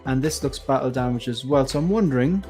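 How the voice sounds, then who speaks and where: A man's voice: mid-range voice, fast talker, a little mellow, faint music behind. A man with an Irish accent hosting a casual livestream, chatting and reading out viewer comments. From Ireland. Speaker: livestream host. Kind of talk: casual chat.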